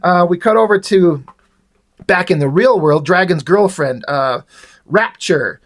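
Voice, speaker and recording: A man's voice: sits high, animated, unhurried. A man giving a casual, profane, sardonic recap of a comic book.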